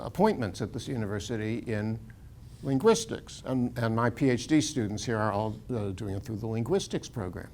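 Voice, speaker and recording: A man's voice: mid-range voice, a little hiss or hum. An older American man lecturing as a university professor in a casual, digressive way, chuckling often and restarting his sentences. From United States.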